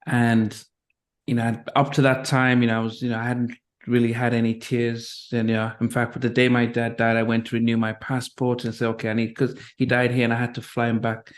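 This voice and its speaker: A middle-aged man from Nigeria hosting an interview, telling a story in a halting, reflective way with many restarts. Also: mid-range voice, completely flat delivery. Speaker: interview host. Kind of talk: interview conversation.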